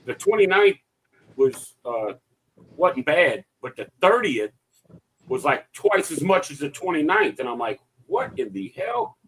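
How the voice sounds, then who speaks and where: A man co-hosting a live cruise chat, telling a funny story in an animated, excitable way. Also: a little high, a little slow, rough recording. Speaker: podcast co-host.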